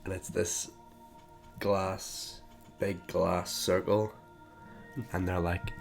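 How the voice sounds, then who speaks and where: A man's voice: low-pitched, completely flat delivery, very slow, gravelly, long pauses, soft background music. A young man co-hosting a podcast, rambling and joking through a casual story. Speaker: podcast co-host. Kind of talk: casual chat.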